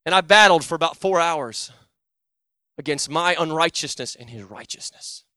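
Man preaching, high voice, smooth clear tone, dry close sound, shifts from loud urgent pleading to hushed intensity. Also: dry recording. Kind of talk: sermon with personal testimony.

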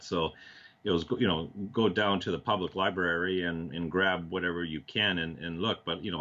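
Low-voiced man telling animated stories. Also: muffled recording. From Canada. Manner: animated, acts out quoted dialogue, frequent restarts. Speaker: TV producer, interview guest. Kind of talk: casual storytelling in a talk-show interview.

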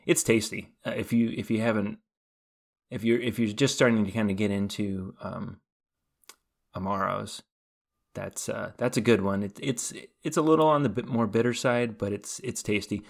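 A man's voice: lowish voice, steady tone, moderate pace, gravelly. A man co-hosting a podcast, talking casually and rambling with many fillers and restarts. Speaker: podcast co-host. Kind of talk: casual chat.

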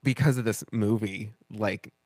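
A man's voice: fairly low pitch, measured pace, breathy edge, no echo, clean studio sound. A man co-hosting a casual podcast chat, telling stories and acting out other people's lines as he goes. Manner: animated storyteller, acts out quoted voices. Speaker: podcast co-host.

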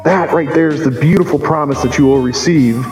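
A male pastor delivering a sermon in a church, earnest and measured, with slow emphatic phrases. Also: on the high side, reverberant, big-room sound, over music, low-quality recording.

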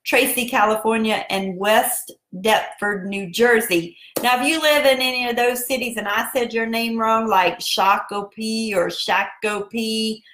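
A woman's voice: a little high, normal speed, few pauses, a bit bright, reverberant. A woman from South Carolina with a Southern accent, chatting casually to viewers in a live video as an online business coach. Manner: chatty, addresses viewers directly. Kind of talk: casual Facebook Live talk.

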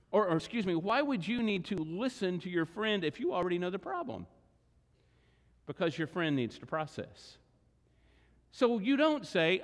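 A male pastor delivering a sermon, expressive and animated, acting out the words of scripture figures in a church sanctuary. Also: sits high, moderate pace. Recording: long reverb of a large hall.

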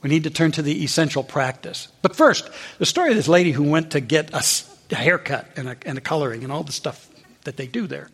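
A man preaching a sermon, telling a story and acting out the people in it with lively voices. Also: fast talker, creaky, breathy edge, long reverb tail. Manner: storytelling with high animated voices for quoted characters. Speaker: minister.

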